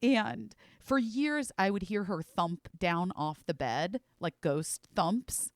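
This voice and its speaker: A podcast host in her forties tells a rambling, animated story at a slow pace, her medium-pitched voice full of "like" and the occasional curse. It's captured as clean studio sound with no room tone.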